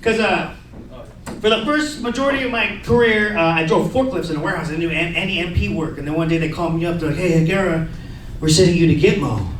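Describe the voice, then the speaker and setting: A man's voice: high voice, fast talker, fairly bright tone, slight background noise. A man performing a crude, self-mocking stand-up set about parenting and army life at a comedy venue, often acting out other people's lines. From California. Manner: crude, self-mocking storytelling with acted quotes. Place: comedy venue with live audience. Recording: roomy, distant live stage recording with crowd.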